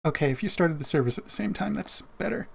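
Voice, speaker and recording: A man chatting in an online game session, throwing in quick teasing comments. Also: on the high side, expressive, creaky, breathy edge. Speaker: player in an online bridge-crew game. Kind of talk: casual voice chat.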